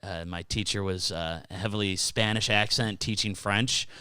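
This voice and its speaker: Bright-voiced young man joking about himself. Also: fairly low pitch, steady tone, normal speed, clear, resonant tone, dry recording, studio quality. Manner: joking, self-mocking, laughs often. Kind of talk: casual chat.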